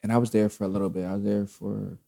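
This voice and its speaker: A man's voice: fairly low pitch, level tone, quick pace, vocal fry, mellow. A man in a casual chat, telling a long personal story in a rambling way, full of fillers and swearing. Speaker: podcast guest telling a story.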